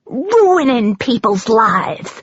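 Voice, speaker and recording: A woman's voice: fairly high pitch, very animated, drawn-out words, husky, no echo, highs cut off, voice pushed up, full character voice. A woman putting on a bitter older country woman. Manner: accusing, clipped rural speech.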